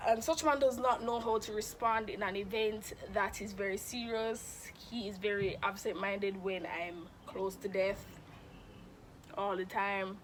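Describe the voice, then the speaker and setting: A young woman telling a storytime in a casual, animated, dramatic way. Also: mid-range voice, a little slow, slight background noise. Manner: animated, dramatic, acts out quoted voices. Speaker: vlogger.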